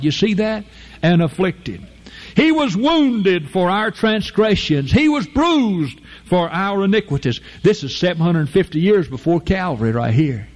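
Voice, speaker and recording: A man preaching a fervent, folksy sermon, leaping to high emphatic peaks and slowing down to draw out key phrases. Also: very animated. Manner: fervent, with sudden jumps to a high emphatic pitch and drawn-out slow phrases; folksy, informal grammar, addresses listeners as folk.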